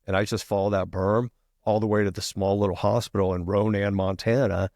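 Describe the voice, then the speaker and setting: Low-voiced retired firefighter guy, swears a lot, says freaking constantly, dead dry studio mic. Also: little pitch movement, a little fast, a little mellow, no room sound. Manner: profane, fills every line with "freaking". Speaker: podcast guest, retired firefighter. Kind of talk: casual storytelling.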